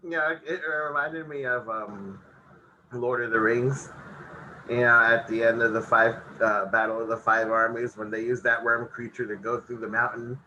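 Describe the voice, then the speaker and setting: A man's voice: mid-range voice, steady tone, unhurried, bright, forceful tone, muffled recording, slight background noise. A man co-hosting a casual podcast, recapping a show episode and laughing often as he talks. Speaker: podcast co-host.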